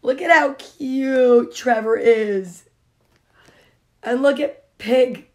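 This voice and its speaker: A woman's voice: on the high side, very slow. A woman reading a picture book aloud to children, with giggly, chatty asides to the kids. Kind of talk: storybook read-aloud with asides.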